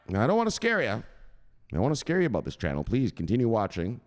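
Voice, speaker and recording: A man's voice: on the low side, wildly swooping pitch, quick pace, darkish tone, long reverb tail. A man hosting a crypto news channel, rambling and joking with plenty of swearing. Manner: profane, rambling, jokey. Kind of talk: casual joking monologue.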